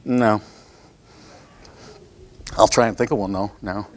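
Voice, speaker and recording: A man's voice: on the low side, steady tone, slow pace. A man with a Midwest American accent running a live sales training session, talking conversationally and often checking in with the room.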